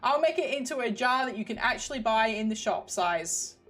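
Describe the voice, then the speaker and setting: Brief: young UK woman streamer, bouncy lively pitch, rambling and giggly, soft music underneath. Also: fairly quick. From United Kingdom. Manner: rambling, giggly, trailing off into mumbles. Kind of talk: casual stream chat. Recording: faint background music.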